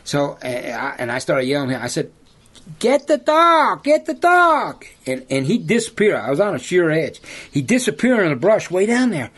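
A lion hunter and outfitter, guesting in an interview, spins rambling yarns in a husky, slightly high voice. He talks a little fast with big pitch swings, says "you know" often, and laughs at his own stories.

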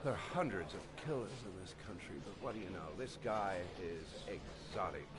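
An actor voicing a gruff, impatient middle-aged police captain in a video game, who talks curtly and sounds exasperated. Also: male voice, deep voice, lively intonation, brisk, music in the background. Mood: grumbling. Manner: curt, exasperated.

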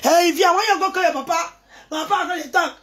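A woman with a Nigerian accent, rambling excitedly in a casual video message, mixing pidgin and English. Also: very high voice, fast talker. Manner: mixes pidgin, English and local languages, excited and teasing.

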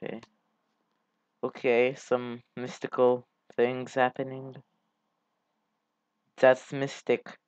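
Slow, rambling man on a dull mic. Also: medium pitch, darkish tone, clear, resonant tone, no echo. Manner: rambling, halting, swears casually. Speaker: gaming channel host. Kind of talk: casual gameplay commentary.

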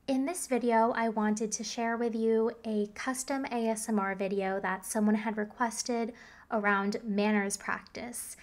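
A woman hosting her ASMR channel, leading a manners-practice role-play at normal volume with slow, patient repeat-after-me phrases. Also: mid-range voice. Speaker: ASMR creator.

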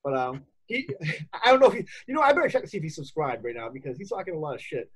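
A man's voice: fairly high pitch, big pitch swings, very fast, breathy edge, low-quality recording. A man co-hosting a casual comics review show, rambling and chatty with frequent laughs. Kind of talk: casual podcast chat.

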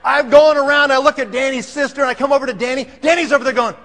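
A man telling a comic story to an audience, animated and laughing, acting out the scenes. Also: extremely high pitch, quick pace. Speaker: speaker.

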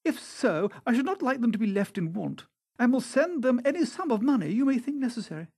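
A young gentleman of leisure, pitched well above the reader's own voice, as a man reads him aloud. The voice has a husky, breathy edge and swings widely up and down. He is a storybook aristocrat, idle and self-absorbed. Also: big pitch swings, brisk, exaggerated voice. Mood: languid. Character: young gentleman, languid then alarmed.

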